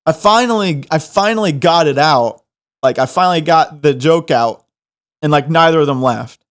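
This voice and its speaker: A young man hosting a podcast, telling a funny story in an animated, self-mocking way. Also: on the high side, normal speed. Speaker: podcast host. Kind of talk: comedic storytelling.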